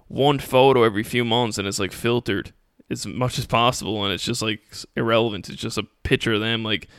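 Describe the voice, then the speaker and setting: Bright-voiced young man hosting a podcast. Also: medium pitch, clean tone, no room sound, studio quality. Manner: casual, motivational, acts out mocking critics in quotes. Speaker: podcast host. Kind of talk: solo Q&A podcast talk.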